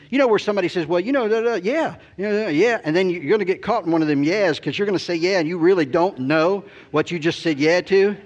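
A man's voice: a little high, dull audio. A middle-aged man preaching by telling a story about himself, rambling and self-deprecating, with many "you know"s. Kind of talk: storytelling sermon.

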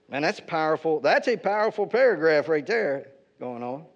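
A man's voice: on the high side, big pitch swings, normal speed. A man preaching a teaching sermon in a conversational way, often checking in with his listeners by asking "right?". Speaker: pastor. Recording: dull lo-fi recording.

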